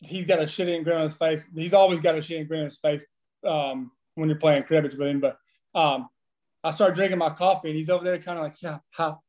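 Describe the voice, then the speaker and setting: A man in his thirties swaps profane baseball stories in a loose, animated way, often breaking into laughter. His voice sits fairly high for a man. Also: quick pace. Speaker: former baseball player, podcast guest. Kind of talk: casual storytelling chat.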